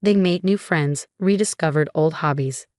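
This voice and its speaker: A woman reading a dramatic first-person story as a scripted narration, in an even storytelling manner. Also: sits low, normal speed, no echo, studio quality.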